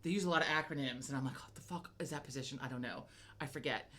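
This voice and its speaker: A woman's voice: extremely low pitch, fast. An American woman co-hosting a podcast, telling stories in casual, profane chat. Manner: chatty, swears freely, animated storytelling. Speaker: podcast co-host.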